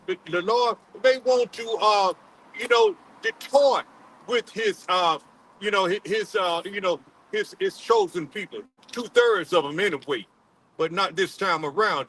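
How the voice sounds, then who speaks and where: High, bright-voiced halting preacher man. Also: a little hiss or hum, rough recording. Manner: halting, repeats words, many fillers, calls on a reader. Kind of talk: street-style sermon with scripture reading.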